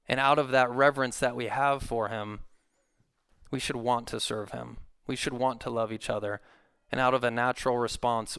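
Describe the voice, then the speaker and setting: Man, pastor, sermon, earnest preaching, smooth resonant voice, dry close sound. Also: mid-range voice, a bit bright, no room sound. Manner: earnest preaching, rising when quoting scripture.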